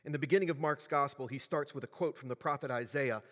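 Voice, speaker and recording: A man's voice: mid-range voice, quick pace, sharp tone. A man preaching a sermon as pastor, in a conversational way, often asking the congregation questions. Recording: long reverb of a large hall.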